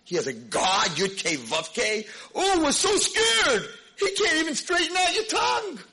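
A man's voice: fairly high pitch, sing-song, unhurried, slightly rough, pitched above the performer's own voice, heavily acted. A man acting out Pharaoh as a scornful king mocking a stammering speaker. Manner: sneering, shouting.

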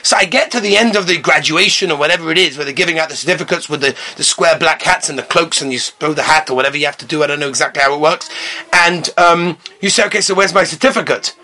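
Animated high-voiced man giving a sermon. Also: quick pace, slight background noise. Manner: animated storytelling with Hebrew and Yiddish terms, rising to impassioned calls. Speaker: rabbi giving a Torah talk.

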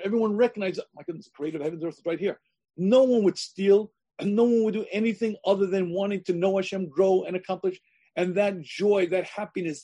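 A man gives a sermon-style lecture over a video call in a high, mellow voice. He is emphatic, doubles up his phrases and clears his throat often. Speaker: rabbi giving a lecture.

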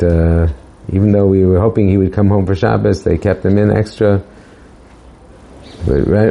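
Low, mellow-voiced man sharing a Torah thought. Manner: hesitant, many fillers and restarts, quoting Hebrew verses slowly. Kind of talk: casual informal Torah talk.

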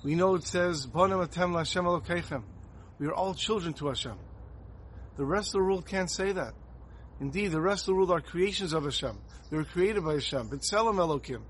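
Man, rabbi-style sermon, slightly high voice, faint background hiss. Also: brisk. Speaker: rabbi giving a Torah talk. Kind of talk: sermon with storytelling.

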